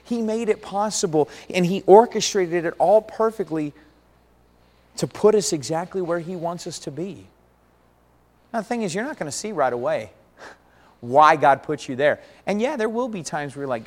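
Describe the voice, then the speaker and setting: A man preaching a sermon, earnest, with big swings between loud and quiet. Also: on the high side, lively intonation, fairly quick. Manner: earnest, rises and falls dramatically. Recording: long hall reverb.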